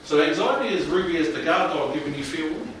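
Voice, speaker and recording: New male workshop presenter, slightly high voice, chatty and animated, distant mic in an echoing room with faint hiss. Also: fast. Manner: animated, colloquial, asks the audience questions. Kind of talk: mental health workshop talk. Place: room with live audience.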